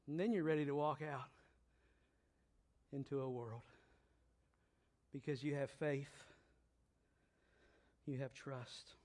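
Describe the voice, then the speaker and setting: A man preaching a sermon in a high, light voice, taking his time over every phrase. He drops into hushed, low stretches, then climbs to loud, fervent emphasis. His repetitions land slowly and deliberately. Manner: swings from quiet, low reflection to loud, high-pitched emphatic exhortation; slow, deliberate delivery with repeated phrases.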